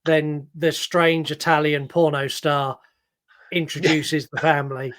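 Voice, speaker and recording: A man with a slightly raised voice co-hosts a casual film podcast. He is animated and pokes fun at himself, and he keeps tripping over his words, repeating them before he gets going. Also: fairly high pitch, unhurried. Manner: stumbling, repeating words at the start of sentences; self-mocking and animated. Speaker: podcast co-host. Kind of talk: casual film review chat.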